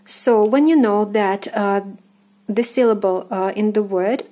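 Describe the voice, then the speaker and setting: A young adult woman with a Russian accent, a native Russian speaker, teaching a casual language lesson in a slow, explaining way with many fillers and self-corrections. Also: medium pitch, warm tone.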